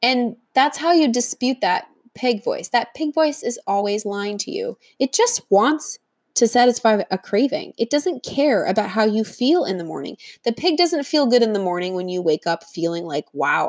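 A woman's voice: on the high side, expressive, moderate pace, darkish tone. A woman talks straight to the listener as a diet coach, earnest and encouraging but firm. She teaches in a motivational monologue and briefly acts out the voices she describes along the way.

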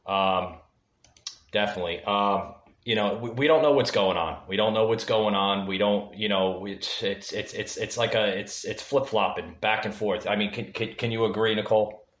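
A man hosting a casual podcast, halting, with lots of fillers and quick agreement. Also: fairly low pitch, fairly even intonation, a bit bright, roomy sound. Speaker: podcast host. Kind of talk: casual political chat.

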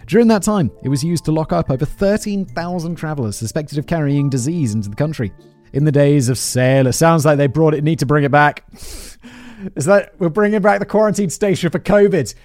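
A man's voice: on the high side, lively intonation, brisk, darkish tone, dry recording, faint music behind. A man with an English accent hosting a podcast, reading a script aloud and breaking off into rambling, self-deprecating asides. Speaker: podcast host.

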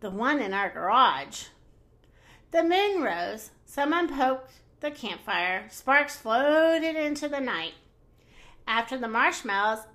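Her voice sits high as this woman reads a children's picture book out loud. She tells the story in an animated, expressive way.

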